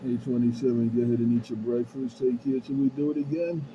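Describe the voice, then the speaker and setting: A man speaks into a CB mic from his home base station, repeating his call sign and greetings in a sing-song way. The sound is dull and lo-fi, with clear static hiss behind him. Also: medium pitch, level tone, fast talker. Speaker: CB radio operator. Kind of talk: CB radio call-outs. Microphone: CB radio handheld mic.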